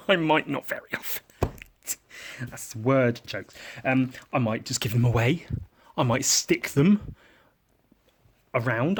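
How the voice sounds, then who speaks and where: A man's voice: medium pitch, expressive, takes it slowly, pauses often, husky. A man hosting his own drawing podcast, rambling in a sweary, self-mocking comic monologue full of silly wordplay as he works at his desk. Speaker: podcast host.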